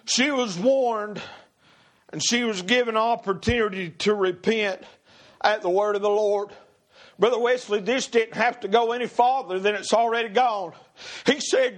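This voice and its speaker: High-pitched, shouting preacher. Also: male voice, normal speed. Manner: impassioned, swings between shouting and hushed pleading. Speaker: pastor. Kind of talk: fiery revival sermon. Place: church sanctuary before a congregation.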